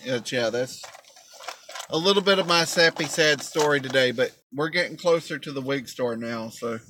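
A man's voice: mid-range voice, normal speed, rough recording. A man vlogging from a car, telling a heartfelt personal story in a rambling way with lots of fillers. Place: riding in a car. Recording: loud road noise from a car.

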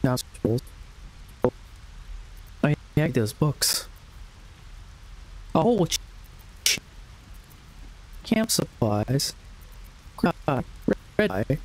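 A man's voice: medium pitch, big pitch swings, drawn-out words, pauses often, husky. A young man streaming a game, muttering to himself as he checks items and fixes his stream. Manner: muttering to himself while browsing. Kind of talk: casual live-stream commentary.

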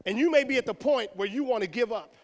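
A middle-aged man from Texas giving an animated motivational talk to students, acting out voices and shouting punchlines. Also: very high voice, fast. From Houston, Texas. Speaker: motivational speaker. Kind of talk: energetic motivational speech to students. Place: school auditorium. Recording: echoey hall.

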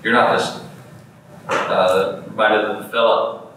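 A pastor preaching a sermon, reading scripture aloud and asking the congregation rhetorical questions. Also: male voice, lowish voice, level tone, a little slow, bright, forceful tone, a little hiss or hum. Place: church sanctuary. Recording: echoey church hall, mic from a distance.

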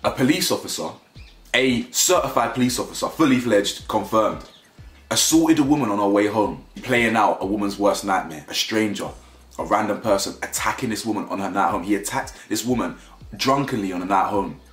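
Male commentator, animated and rambling, roomy room with music under. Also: fairly low pitch, fairly quick. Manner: animated, rambling, repeats himself. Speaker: commentary YouTuber. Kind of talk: casual opinion commentary.

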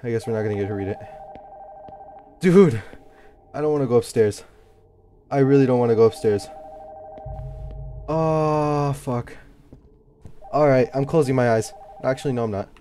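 A man's voice: mid-range voice, normal speed, pauses often, warm tone, slight background noise. Jittery young man playing a horror game. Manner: jittery, swears, yelps and talks to himself when scared. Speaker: gameplay youtuber. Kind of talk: horror game playthrough commentary.

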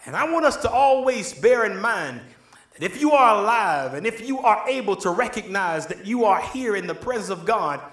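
In an echoey church sanctuary, a pastor preaches with a high, slightly bright voice that swings widely in pitch at a moderate pace. He calls for amens, drawing the congregation into call-and-response.

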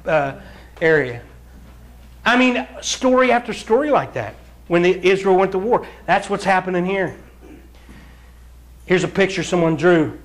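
High-voiced preacher teaching scripture. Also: male voice. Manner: animated storyteller, acts out scenes and chuckles often; addresses the congregation directly, urging them to read along. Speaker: pastor. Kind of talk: sermon, verse-by-verse Bible teaching.

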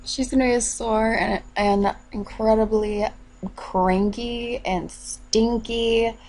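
A woman's voice: on the high side, steady tone, takes it slowly, a little mellow, rough recording. A woman hosting a let's play video, chatting casually to viewers and coaxing her game characters along. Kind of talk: casual gameplay commentary.

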